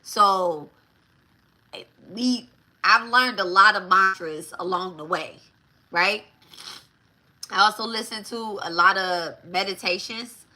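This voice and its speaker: Slow, bright-voiced woman teaching spirituality. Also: medium pitch. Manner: chatty, repeats herself, keeps asking "right?". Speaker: spiritual podcast host.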